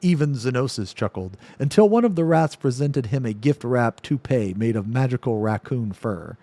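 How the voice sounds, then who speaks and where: A man's voice: medium pitch, expressive, dark tone, no room sound. A male streamer reading a silly story aloud, stopping to laugh and comment. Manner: reads haltingly, breaks off to laugh and comment.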